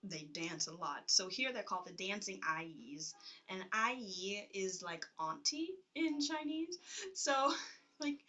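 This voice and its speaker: A woman telling stories in a casual vlog, rambling and animated, laughing often and filling her speech with fillers. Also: medium pitch, slow, recorded from a distance, lo-fi sound, faint music behind. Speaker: vlogger.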